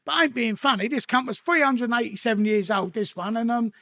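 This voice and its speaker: A man's voice: extremely high pitch, quick pace, gravelly, pushed and bright. A middle-aged man with a London accent, telling rambling, profane, streetwise stories in a casual interview.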